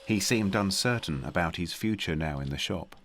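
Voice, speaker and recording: Low deep guy narrating a doc, dry and measured, lots of up and down in his voice. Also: expressive, fairly bright tone, a little hiss or hum. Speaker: documentary narrator. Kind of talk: scripted narration.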